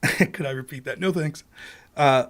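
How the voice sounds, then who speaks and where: A man hosting a livestream, talking casually and profanely, sometimes bursting into sped-up rapid-fire talk. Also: a little high, a bit bright. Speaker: livestream host.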